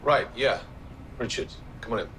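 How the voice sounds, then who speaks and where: An actor playing an English father who speaks in halting, hesitant, terse phrases. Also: medium pitch, expressive, fairly bright tone, a little hiss or hum, natural voice. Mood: guarded. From England.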